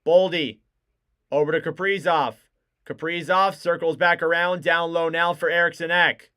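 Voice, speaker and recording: A young man doing live play-by-play commentary as a fan streamer, excitable and shouting on big plays. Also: a little high, moderate pace, clear, resonant tone.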